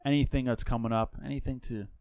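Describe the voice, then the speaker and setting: A man hosting a podcast in a studio, chatting casually with loose, profane talk and pauses to search for words. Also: mid-range voice, fairly even intonation, a little mellow, no room sound. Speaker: podcast host. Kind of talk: casual chat.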